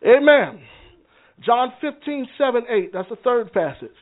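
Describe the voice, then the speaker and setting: A man's voice: extremely high pitch, lively intonation, measured pace. A man leading a church teaching session in a conversational way, often checking in with his listeners and repeating words as he goes. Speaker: minister teaching a Bible class. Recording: phone-like narrow sound.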